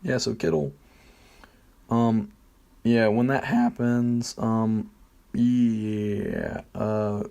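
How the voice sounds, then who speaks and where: A man's voice: fairly low pitch, big pitch swings, drawn-out words, vocal fry, long pauses, dark tone. A man streaming a football video game, talking through his plays in a rambling, hesitant way with many fillers and jokes at his own expense. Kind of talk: casual gameplay commentary.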